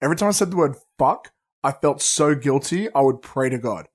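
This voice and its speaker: A man's voice: medium pitch, lively intonation, brisk. A man co-hosting a movie podcast in casual chat, rambling and swearing freely as he tells stories. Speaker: podcast co-host.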